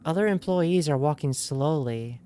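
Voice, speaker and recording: A woman's voice: low-pitched, expressive, unhurried, mellow. A woman streaming a video game, reading its text aloud in a loose put-on accent and joking with her viewers in a playful, giggly way. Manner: puts on a loose, inconsistent accent. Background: faint game music.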